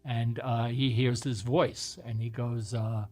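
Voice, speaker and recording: A man's voice: mid-range voice, flat delivery, slow, darkish tone, soft background music. A man hosting a casual chat, retelling old TV shows in a rambling, hesitant way with many fillers. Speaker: host.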